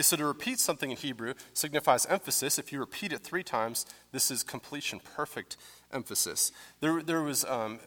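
Male pastor, casual explanatory sermon voice, mid pitch, echoing sanctuary. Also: fairly bright tone. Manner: conversational, explanatory, with fillers. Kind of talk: teaching sermon. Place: church sanctuary.

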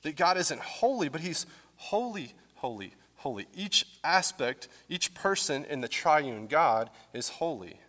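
A pastor teaching a conversational sermon in a church, explaining scripture with casual fillers. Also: male voice, a little high, expressive, measured pace, a bit bright, big-room sound. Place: church sanctuary.

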